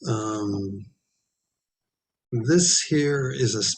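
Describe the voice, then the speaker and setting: A man presenting a design at a town planning meeting, halting with many ums and repeated throat clearing as he is losing his voice. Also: lowish voice. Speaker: architect presenting to a planning commission. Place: town hall meeting room.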